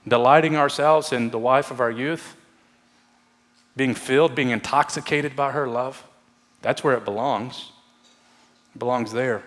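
A male pastor preaching a sermon, earnest and pleading, sometimes dropping to a hush for emphasis. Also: medium pitch. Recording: long hall reverb.

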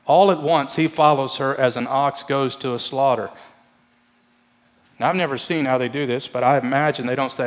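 A male pastor preaching a sermon, earnest and pleading, sometimes dropping to a hush for emphasis. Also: medium pitch, fairly even intonation, normal speed. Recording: long hall reverb.

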